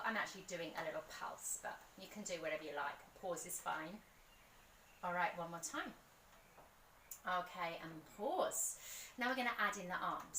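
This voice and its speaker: A woman guides a pilates workout outdoors, her voice bright and a touch high. She counts reps and offers gentle encouragement. The sound is roomy and distant, with faint ambience behind her. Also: a little hiss or hum. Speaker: pilates instructor.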